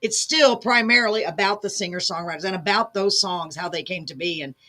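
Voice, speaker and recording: A woman hosting a music show, gushing with effusive praise and losing her voice, clearing her throat now and then. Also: on the low side, fairly quick, sharp tone. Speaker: show host. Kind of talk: casual interview chat.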